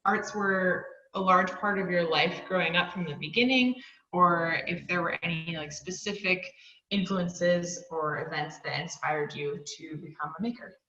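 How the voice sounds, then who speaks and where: A woman's voice: fairly low pitch, unhurried, bright, forceful tone. Young woman asking hesitant questions. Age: young adult. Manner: hesitant, with frequent ums. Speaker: interviewer, studio intern. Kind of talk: interview questions. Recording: roomy, lo-fi sound.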